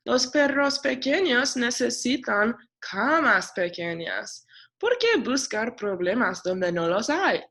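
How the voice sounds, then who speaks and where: A woman teacher reading a picture book aloud, narrating in a slow, expressive storytelling way. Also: medium pitch.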